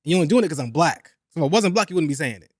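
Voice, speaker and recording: A young man hosting a podcast, talking in a casual, animated and profane way, repeating points for emphasis. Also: on the high side, racing, dry recording, clean studio sound. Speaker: podcast host. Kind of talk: casual chat.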